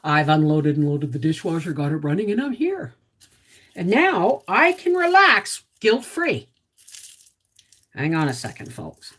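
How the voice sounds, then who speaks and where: A woman's voice: sits low, sing-song, unhurried, a bit bright, husky. A woman hosting a casual livestream from her home, chatting, greeting viewers by name and talking to her dog. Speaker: homestead livestream host.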